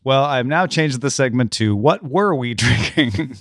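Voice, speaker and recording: Lively joking man podcast co-host. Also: medium pitch, a little slow, no room sound, studio quality. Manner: joking, lively delivery, explains news items. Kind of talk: casual book podcast chat.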